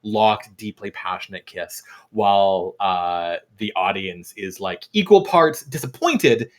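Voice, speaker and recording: Low-voiced man running a tabletop game. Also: slow. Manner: relaxed, laughing narration with filler words. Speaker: game master.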